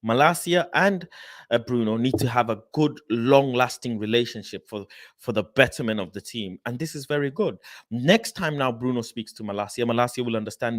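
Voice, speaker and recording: A man hosting a fan channel, giving animated casual commentary and repeating phrases as he rants. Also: medium pitch, fairly quick. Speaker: fan channel host reacting to an interview.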